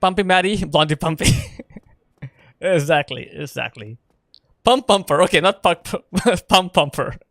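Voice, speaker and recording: Playful man streamer, slightly high voice. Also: animated, unhurried, a bit bright, no room sound, studio quality. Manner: playful, laughs often, chats with viewers. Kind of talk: casual live gameplay chat.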